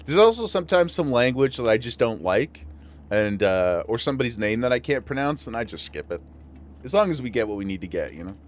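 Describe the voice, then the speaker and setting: A man with a western New York accent chats casually and laughs often while streaming a game. His mid-range voice swings widely in pitch, he talks fairly quickly, and there's a little hiss or hum.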